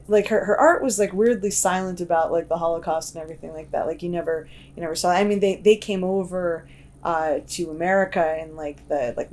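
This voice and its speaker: A young woman talks through an interview in a chatty, rambling way, her voice sitting a little low. She fills her sentences with "like" and restarts them often. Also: darkish tone. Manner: chatty, many "like" fillers and restarts. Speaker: guest artist and cartoonist. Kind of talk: casual interview chat.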